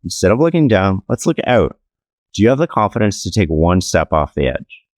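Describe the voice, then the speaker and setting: A man, an author being interviewed, talking in a relaxed, anecdotal way with many casual fillers. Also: deep voice, brisk, no room sound, clean studio sound. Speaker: author and podcast guest. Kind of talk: conversational interview storytelling.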